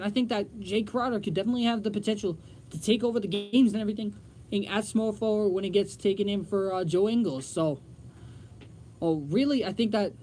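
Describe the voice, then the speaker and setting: A man's voice: high-pitched, darkish tone, a little hiss or hum. A young man hosting a college radio sports show, talking casually in a rambling, filler-heavy way. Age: young adult.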